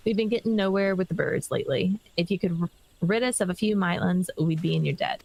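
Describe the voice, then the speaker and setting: A woman's voice: on the low side, expressive, fast talker, creaky, a little mellow, rough recording. A woman voicing a weary chocobo trainer from a game, folksy and drawling. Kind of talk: reading game dialogue aloud.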